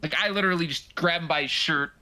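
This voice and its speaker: A man playing in a tabletop game session, with a bright, sharp-edged voice. He talks loosely and casually, and laughs often between his lines. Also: on the high side, fast. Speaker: player.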